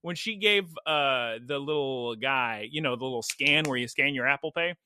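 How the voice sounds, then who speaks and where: A young man co-hosting a podcast, telling chatty, excitable stories in casual talk. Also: mid-range voice, normal speed, a little hiss or hum. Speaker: podcast co-host. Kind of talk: casual chat.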